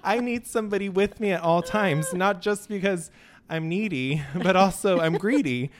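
A man's voice: sits high, moderate pace, a little hiss or hum. A man hosting a salon podcast, flamboyant and joking, teasing himself and his guests. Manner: flamboyant, joking, self-mocking. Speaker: salon owner and podcast host. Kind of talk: casual podcast chat.

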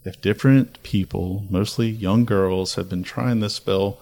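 A man's voice: fairly low pitch, steady tone, unhurried, hardly any pauses, darkish tone. A man hosting a casual podcast chat, telling spooky folklore with dramatic, building lists. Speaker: podcast host.

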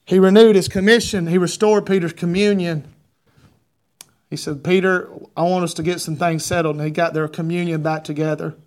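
High-voiced animated male preacher. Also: moderate pace. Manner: animated preaching, reading scripture in King James wording, rising to shouts. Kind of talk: sermon.

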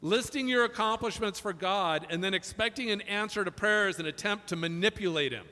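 A man's voice: high-pitched, quick pace, few pauses, sharp tone. Man preaching in a big hall with lots of reverb, jokey storyteller who gets earnest. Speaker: pastor. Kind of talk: sermon with humorous stories. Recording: long reverb of a large hall.

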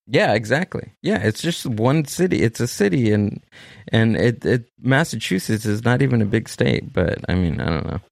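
A man's voice: mid-range voice, expressive, normal speed, gravelly, no echo, clean studio sound. A man with a Southern Californian accent hosting a podcast, rambling enthusiastically with many restarts. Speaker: podcast host. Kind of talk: casual chat.

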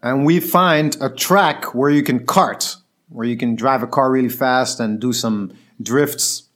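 A man telling a personal story in a casual, animated way, acting out the quoted voices of the people in it. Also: mid-range voice, measured pace.

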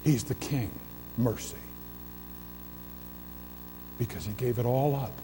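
In a sermon echoing with the long reverb of a large hall, a pastor of medium pitch speaks slowly, building emphasis through repeated, swelling phrases in the church sanctuary. Background noise is present.

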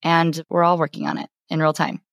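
Deep-voiced woman podcast host. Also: level tone, brisk, gravelly, fairly bright tone, no room sound, studio quality. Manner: affirming, reflective, builds on the guest's points. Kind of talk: conversational podcast interview.

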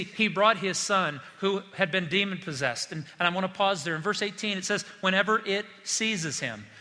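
A man preaching a sermon, working through scripture verse by verse and changing his pace and loudness to stress his points. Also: on the high side, in a large hall. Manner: expository preaching, shifting pace and volume for emphasis. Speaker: pastor.

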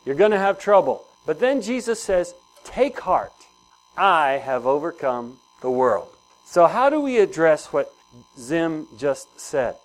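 A man's voice: on the high side, big pitch swings, unhurried, poor audio. A man preaching a sermon in a conversational way, asking the congregation questions and repeating key phrases. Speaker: pastor.

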